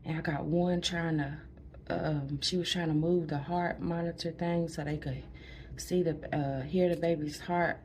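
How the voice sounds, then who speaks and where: A woman with a low voice tells her birth story in a hospital room. She is chatty, laughs often and sometimes drops to a near whisper. Faint room noise hums behind her. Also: fairly even intonation, a little slow, darkish tone. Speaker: new mother recounting a birth. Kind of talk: casual storytelling to camera.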